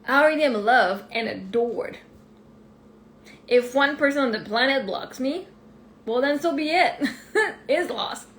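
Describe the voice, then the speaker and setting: A woman with a Québécois French accent, talking through a live podcast monologue, animated, laughing often and swearing freely. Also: high-pitched, measured pace, pauses often. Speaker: life coach podcast host. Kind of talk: live-streamed personal monologue. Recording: echoey room with faint ambient noise.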